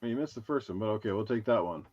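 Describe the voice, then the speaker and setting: A man's voice: on the low side, expressive, racing, darkish tone, pitched below the performer's own voice. A man putting on a crude, boastful impression of a famous action-film star, with a mock heavy accent, on a lo-fi stream recording.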